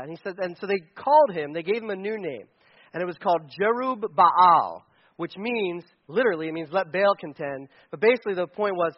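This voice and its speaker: Male preacher, high voice, casual storytelling sermon, playful and animated, muffled lo-fi sound. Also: a little fast. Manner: animated, acts out characters' lines with jokes and laughs.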